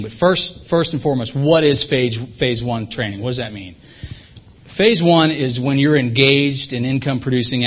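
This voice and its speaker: A man's voice: mid-range voice, lo-fi sound. A man giving a sales training talk to his team, folksy, repeating points for emphasis.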